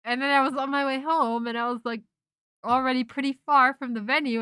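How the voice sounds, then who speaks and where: A young woman streamer in casual chat, telling a rambling, animated story full of restarts and self-interruptions. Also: sits high, brisk, clean tone, no echo, studio quality. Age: young adult.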